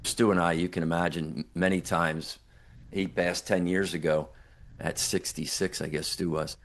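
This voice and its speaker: A very deep, low male voice carries this older man's storytelling. He speaks earnestly and reflectively, leaning into the quoted lines he recalls. It sounds like a sincere podcast interview guest. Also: level tone, normal speed. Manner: earnest, reflective, retells dialogue with emphatic quotes. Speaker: guest, near-death survivor and author.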